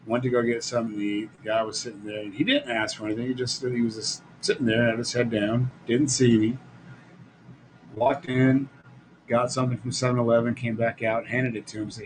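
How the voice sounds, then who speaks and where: A middle-aged man talks through a casual live-stream monologue in a blunt, rambling way, laughing often as he goes. His voice sits at an ordinary middle pitch. A faint hiss of background noise runs under it. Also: low-quality recording. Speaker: live show host. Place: Las Vegas.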